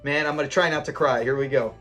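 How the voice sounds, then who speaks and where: A man's voice: medium pitch, fairly even intonation, fast, pushed and bright, faint music behind. A man hosting a classic TV reaction channel, talking in an enthusiastic, rambling and sentimental way. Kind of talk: casual commentary.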